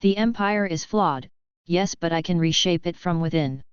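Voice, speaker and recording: A woman's voice: lowish voice, moderate pace, clear, resonant tone, no echo, lo-fi sound, natural voice. A woman voicing a furious young fallen knight. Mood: defiant. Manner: angry, bitter. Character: furious young man turned to darkness.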